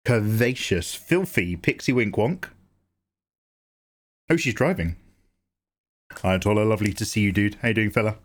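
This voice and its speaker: Male art streamer, casual chat, lively up-and-down delivery, loose and profane. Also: on the low side. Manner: rambling, sweary, jokey, greets chat by name. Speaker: streamer and artist. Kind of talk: casual livestream chat while drawing.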